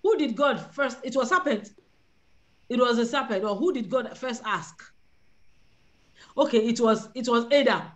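A woman's voice: fairly high pitch, animated, normal speed, long pauses. A woman leading a prayer call, preaching and acting out the voices of Bible figures. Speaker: prayer leader. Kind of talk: sermon on a prayer line.

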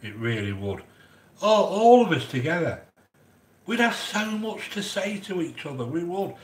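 A man's voice: sits high, big pitch swings, normal speed, slight background noise. A man hosting a cooking channel, chatting casually and effusively as he reads out viewer comments, repeating himself with plenty of fillers. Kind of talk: casual live-stream chat reading viewer comments. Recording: echoey room.

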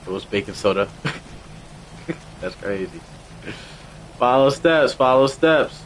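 Young male streamer, casual and excitable, mid-pitched, repeats his commands, faint background hiss. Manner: excitable, repeats short commands, quick laughs. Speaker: livestream host running a car meet. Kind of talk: casual live game commentary.

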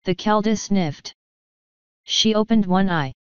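A woman narrating a novel aloud in steady storytelling. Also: medium pitch, takes it slowly, smooth, dry recording. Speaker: audiobook narrator. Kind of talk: scripted narration. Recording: dull lo-fi audio.

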